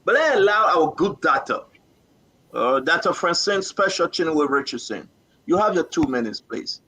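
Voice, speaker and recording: A man runs a live political talk show over an online call. His voice is bright and sits fairly high, and he moderates insistently, cutting in on guests to press his questions. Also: sing-song, normal speed, slightly rough, rough recording.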